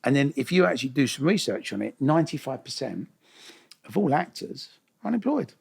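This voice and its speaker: Gravelly man telling stories. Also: medium pitch, sing-song, a little fast. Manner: chatty, swears freely, acts out quoted voices. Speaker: guest. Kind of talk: casual storytelling interview.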